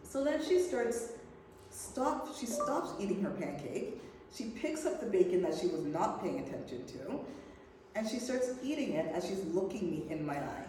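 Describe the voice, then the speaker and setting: A woman's voice: medium pitch, very animated, moderate pace, a crowd in the background. A woman speaker at a women's network event telling a personal story, laughing often as she talks. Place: event hall. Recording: echoey hall, voice from far off, noisy.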